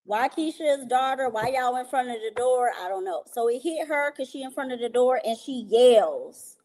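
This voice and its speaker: A woman with a fairly high voice tells a personal story as a guest. She talks casually and with animation, and she acts out the people she quotes. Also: lively intonation, moderate pace, darkish tone. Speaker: guest recounting an experience.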